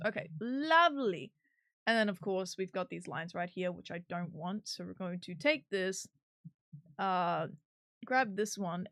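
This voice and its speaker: A woman's voice: mid-range voice, no room sound, studio quality. A woman streamer chatting casually while she works on a 3D model, giggly and swearing now and then.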